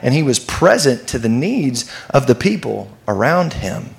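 A man's voice: medium pitch, sing-song, measured pace, vocal fry. A man preaching a sermon, talking in a conversational, emphatic way and asking the listeners questions. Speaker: pastor.

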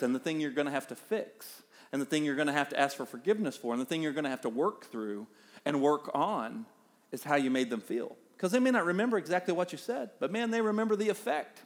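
A middle-aged pastor with a Southern US accent delivers a sermon with animated energy, his voice leaping up and then dropping low to make a point. His voice sits a little on the higher side for a man. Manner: animated preaching with wide swings in pitch and loudness.

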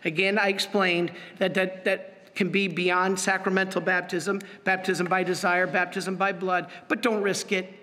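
Earnest priest, high bright voice. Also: male voice, level tone, unhurried, few pauses, long reverb tail. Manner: earnest, emphatic, repeats pleas. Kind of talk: sermon.

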